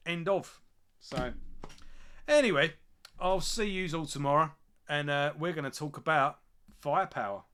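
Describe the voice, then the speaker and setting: A man's voice: fairly high pitch, unhurried, pauses often, fairly bright tone, slight background noise. A man hosting a music channel, chatting casually and enthusiastically with lots of fillers and restarts. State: drinking beer. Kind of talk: casual chat.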